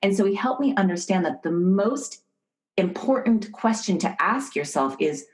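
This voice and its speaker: A middle-aged woman from the United States, an author and professor, explaining ideas calmly as a podcast guest. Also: medium pitch, low-quality recording. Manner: calm, measured teaching. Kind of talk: podcast interview, storytelling.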